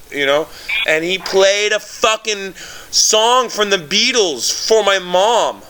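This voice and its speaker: A man chatting casually as co-host, telling an excited, rambling story with lots of fillers and swearing. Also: high-pitched, slow pace, a little hiss or hum. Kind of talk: casual chat.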